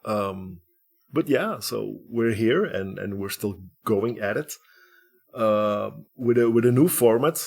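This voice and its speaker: A man hosting a casual podcast, energetic and rambling, with lots of restarts. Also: lowish voice, slow pace, gravelly, husky. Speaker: podcast host.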